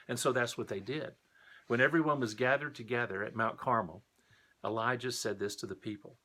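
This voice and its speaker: A man's voice: mid-range voice, brisk, pushed and bright. A man teaching a recorded Sunday school lesson, telling a Bible story in a friendly, explanatory way.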